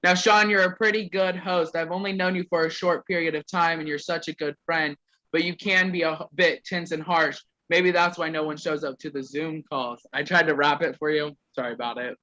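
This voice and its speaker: A man's voice: on the high side, steady tone, fairly quick, pushed and bright, lo-fi sound. A young man casually reading roasts aloud to a group on a call, stumbling over words and laughing.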